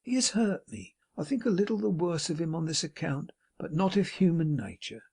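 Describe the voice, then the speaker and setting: A man voicing a falsely pious older gentleman in an audiobook reading, speaking with sweet self-righteous reproach in a husky voice. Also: fairly high pitch, animated, moderate pace, voice pushed up, full character voice.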